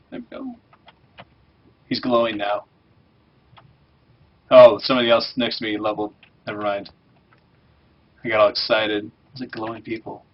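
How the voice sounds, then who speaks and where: A man's voice: on the low side, vocal fry, dull audio, a little hiss or hum. A man hosting a game livestream, chatting casually and joking while he plays and reads quest text aloud. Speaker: livestream host playing a game. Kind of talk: casual chat over gameplay.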